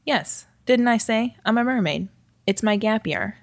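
A woman's voice: a little high, lively intonation, unhurried, dry recording, pitched above the performer's own voice. A woman voicing a curious, naive young mermaid with a foreign accent, speaking cheerfully and earnestly. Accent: foreign, hard to place. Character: young female mermaid on a gap year, curious.

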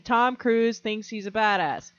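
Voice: medium pitch, measured pace, a bit bright, dry recording, highs cut off. A podcast co-host chatting casually about movies, blunt and dismissive, often laughing. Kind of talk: casual chat.

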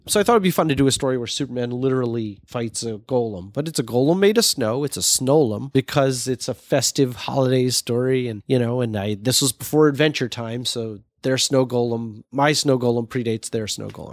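Man, mid-pitched, talkative guest, loose and self-correcting, dry studio sound. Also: no echo. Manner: rambling, self-correcting, chatty. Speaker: interview guest, writer. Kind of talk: casual storytelling interview.

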